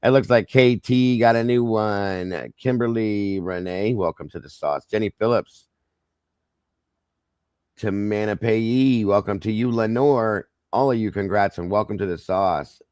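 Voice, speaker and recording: A hoarse man hosting a true-crime livestream, greeting viewers by name and ranting angrily with plenty of swearing. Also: fairly low pitch, measured pace, darkish tone, no room sound, clean studio sound. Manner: angry, ranting, swears freely. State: hoarse, losing his voice. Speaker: livestream host.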